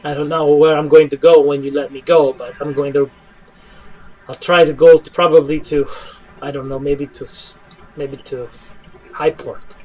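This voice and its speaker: A man playing a weary captive hobgoblin in a tabletop game, speaking a little lower and quieter than an everyday voice. The creature stammers and hesitates, grim and frightened as it warns the party off. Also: level tone, moderate pace, long pauses, natural voice, poor audio.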